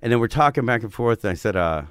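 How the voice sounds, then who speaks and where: A man's voice: medium pitch, animated, quick pace, clear, resonant tone, no echo, studio quality. A man in his forties from northern Florida, telling a story in a casual, profane way and acting out the quotes. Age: 40s. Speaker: podcast guest.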